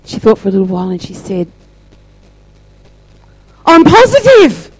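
Warm New woman giving a testimony. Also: fairly low pitch, monotone, slightly rough, no room sound, low-quality recording. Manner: slow, deliberate storytelling with emphatic pauses. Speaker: church member sharing testimony. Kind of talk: testimony sharing.

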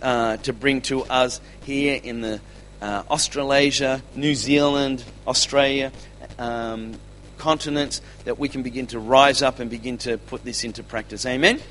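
A man at a church conference sharing a testimony, telling his story with lively, acted-out dialogue. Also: mid-range voice, measured pace, slight background noise. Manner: animated storytelling, acting out dialogue.

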